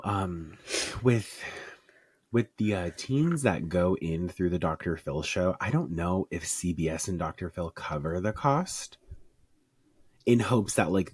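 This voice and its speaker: A man's voice: sits low, husky, no room sound, clean studio sound. A man from Arizona co-hosting a podcast in casual chat, sarcastic and profane, cracking jokes as he reads through a story. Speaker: podcast co-host.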